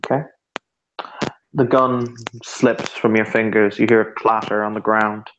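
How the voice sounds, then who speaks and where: A man's voice: mid-range voice, steady tone, unhurried, a little hiss or hum. A man running a tabletop roleplaying game as game master, narrating scenes with frequent restarts. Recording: roomy, muffled home recording.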